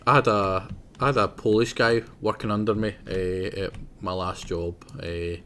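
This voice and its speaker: Young man, low voice, chatty game streamer, faint keyboard clatter behind. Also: steady tone, normal speed, a bit bright, slight background noise. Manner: rambling, chatty, talks to himself, laughs often. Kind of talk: casual live gameplay commentary.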